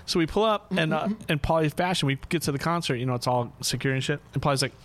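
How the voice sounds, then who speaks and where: A man hosting a podcast, telling a rowdy road-trip story in casual chat, acting out quotes with sudden jumps in voice and frequent laughter. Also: fast. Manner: animated, profane, acts out quotes with big pitch jumps and laughs.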